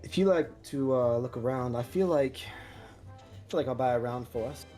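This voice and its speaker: A man's voice: medium pitch, normal speed, dark tone, soft background music. A man playing a tabletop game, talking casually and matter-of-factly. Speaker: player.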